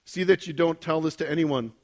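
Guy pastor preaching in church, chatty, asks the crowd stuff, voice on the high side. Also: brisk. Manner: conversational, asks the congregation questions, builds to intense emphasis. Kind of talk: sermon.

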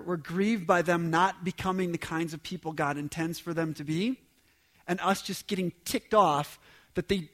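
With a high voice, a pastor gives his sermon in a conversational yet emphatic preaching style, dropping into quieter asides now and then.

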